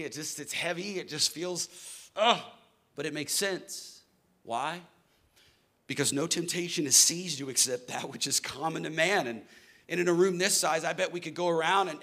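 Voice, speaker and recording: A man's voice: a little high, normal speed, bright, forceful tone. A man in his thirties preaching a sermon in a church hall, earnest and building to emphatic declarations. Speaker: pastor.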